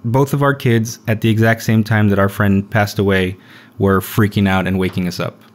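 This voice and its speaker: A young man hosting a podcast, telling a story in a relaxed, rambling way with lots of fillers. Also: fairly low pitch, moderate pace. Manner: rambling, laid-back storyteller with frequent fillers. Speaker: podcast host. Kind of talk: casual storytelling chat.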